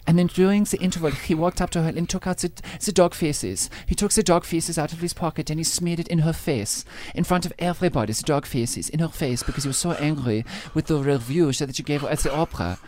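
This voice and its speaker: A man voicing an excitable German man in his late twenties with a German accent, gossiping in scandalized, broken phrasing over a music bed. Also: fairly high pitch, fast talker, hardly any pauses, slight background noise, natural voice. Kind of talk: comic character bit on breakfast radio.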